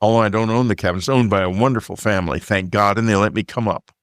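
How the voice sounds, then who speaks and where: A man from Texas telling a personal story in a relaxed, conversational way, with fillers and side remarks. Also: on the low side, dry recording, clean studio sound. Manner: unhurried, plain storytelling with fillers and asides.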